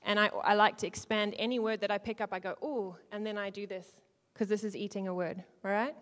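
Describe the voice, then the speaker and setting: A woman leading an interactive teaching talk to a church group, playful, swinging between loud and hushed and acting out lines. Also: medium pitch, fairly even intonation, a little fast. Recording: long hall reverb.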